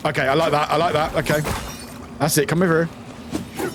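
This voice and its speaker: A British streamer who talks through a game live, exclaiming and repeating lines. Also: male voice, a little high, normal speed, long pauses. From United Kingdom. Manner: excitable, exclaiming and repeating itself. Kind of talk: live gameplay commentary. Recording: noisy stream audio.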